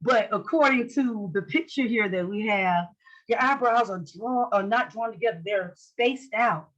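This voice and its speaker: A woman's voice: a little high, moderate pace, a bit bright, dull audio. A woman leading an online class in a lecture style. She is playful and acts out facial expressions with joking lines. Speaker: instructor.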